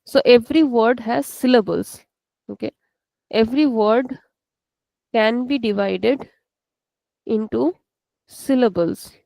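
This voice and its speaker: A woman's voice: on the high side, slow, creaky, pauses often, warm tone, no room sound, rough recording. A woman with an Indian accent, a native Hindi speaker, teaching a language class over a video call and patiently checking in with her students. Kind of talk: online class lecture.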